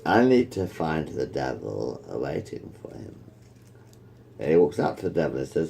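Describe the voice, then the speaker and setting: A man's voice: extremely low pitch, big pitch swings, normal speed, gravelly, dark tone, breathy edge. A man casually telling a joke among friends, rambling, restarting often and swearing freely. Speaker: joke teller.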